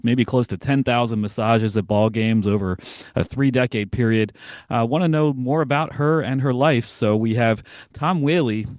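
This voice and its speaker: A man hosting a baseball podcast, introducing a guest and asking questions in a relaxed, conversational way with frequent fillers. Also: medium pitch, no echo, studio quality. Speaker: podcast host. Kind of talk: casual interview podcast.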